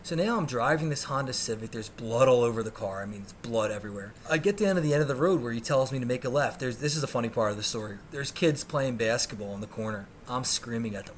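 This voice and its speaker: A man's voice: mid-range voice, quick pace, few pauses, a little hiss or hum. A man hosting a podcast, telling a story in a comic, profane way and shrieking when he acts out scenes. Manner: animated, swears a lot, shrieks when acting out scenes. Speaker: podcast host.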